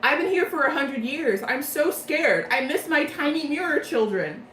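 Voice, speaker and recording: A sulky male magic mirror, as a woman puts him on whines and complains in a voice pushed well above her usual pitch. He sounds like he is stuck in a roomy, echoing space with a faint hiss behind him. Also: animated, normal speed, a bit bright. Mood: whiny. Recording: roomy echo, faint noise.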